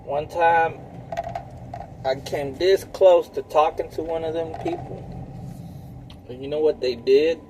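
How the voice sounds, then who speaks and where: A man in his thirties rambles slowly through a casual monologue, packing his talk with filler words and swearing. Loud car and traffic noise runs behind him. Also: fairly high pitch, steady tone, low-quality recording. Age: 30s. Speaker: vlogger.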